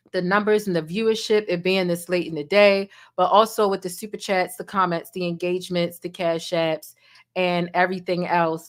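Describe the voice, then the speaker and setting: A woman's voice: on the low side, fairly bright tone. A woman hosting a casual late-night livestream, speaking emotionally and directly to her viewers on a desk microphone. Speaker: celebrity gossip livestream host.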